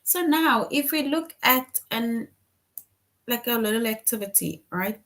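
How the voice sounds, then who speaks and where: Female teacher, slow unhurried delivery, patient question-led explaining. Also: on the high side, lively intonation, fairly bright tone. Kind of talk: online class lesson.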